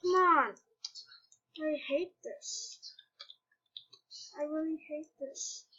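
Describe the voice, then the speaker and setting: A woman narrates her gameplay in a high, bright voice, talking slowly and unhurriedly. She keeps exclaiming and complaining in frustration. The mic sounds a little dull and lo-fi. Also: expressive. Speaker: gamer. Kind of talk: casual gameplay commentary.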